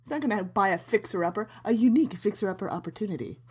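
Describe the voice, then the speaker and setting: An actress playing a wry, quick-witted con artist in a comedy audio drama. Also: female voice, mid-range voice, animated, husky. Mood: scheming. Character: scheming adult woman con artist.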